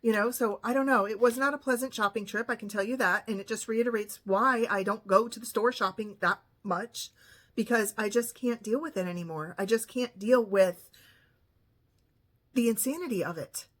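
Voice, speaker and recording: A woman in her fifties with a fairly high voice who rambles through a personal story. She sounds chatty and exasperated, and her telling is loose and conversational. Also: normal speed. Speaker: vlogger. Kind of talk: casual storytelling monologue.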